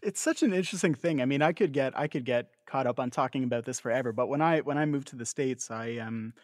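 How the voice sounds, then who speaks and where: A man's voice: medium pitch, fast, no echo. Dry-sounding Canadian man, chatty podcaster. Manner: chatty, laughs often, trips over his words. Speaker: podcast co-host. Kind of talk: casual chat.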